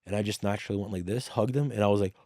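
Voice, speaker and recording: Animated storytelling man, dry close sound. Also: fairly low pitch, very fast, dry recording. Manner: animated, swears freely, reenacts dialogue. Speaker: podcast guest. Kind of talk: casual storytelling conversation.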